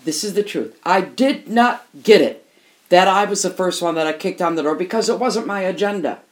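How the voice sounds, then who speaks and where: A woman's voice: fairly low pitch, normal speed. An older woman, a musician and interview guest, telling candid stories in an emphatic way and often repeating phrases for emphasis.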